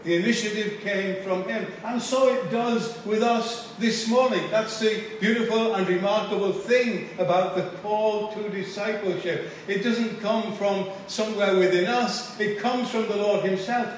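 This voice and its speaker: A man's voice: high-pitched, recorded from a distance, a little hiss or hum. Man preaching in an echoey church. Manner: earnest, measured preaching with emphatic repetitions. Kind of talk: sermon. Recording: echoey room, voice from afar.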